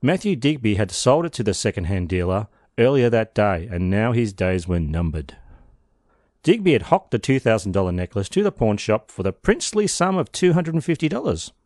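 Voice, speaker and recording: A man's voice: lowish voice, sing-song, a little fast, a little mellow, no echo. A man leading a true crime podcast, his voice rising and falling a lot as he tells the case. He drops dry, sardonic jokes between the grim facts. The sound is close and dry, with no room around it. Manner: wry, sardonic asides in a narrated case. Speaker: podcast host.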